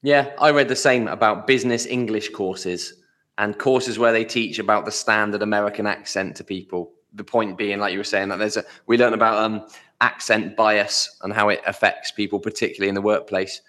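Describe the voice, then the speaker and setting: A man's voice: lowish voice, fairly even intonation, a little fast, fairly bright tone. A man co-hosting a podcast, chatting casually and with amusement, trailing off with fillers. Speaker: podcast co-host. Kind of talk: casual chat.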